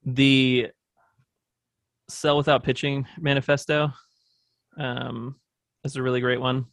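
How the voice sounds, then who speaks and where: A man's voice: mid-range voice, level tone, takes it slowly, vocal fry, fairly bright tone, no room sound, clean studio sound. A man guesting on an interview show, talking through business plans in a thoughtful, rambling way with lots of fillers. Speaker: agency owner, podcast guest. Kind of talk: casual interview talk.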